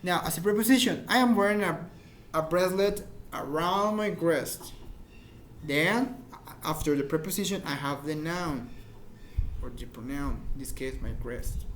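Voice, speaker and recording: Man, high voice, informal English teacher, patient repeated examples, slight hiss. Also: a bit bright. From Mexico. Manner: explains slowly with repeated examples, searches for words. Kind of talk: informal grammar lesson.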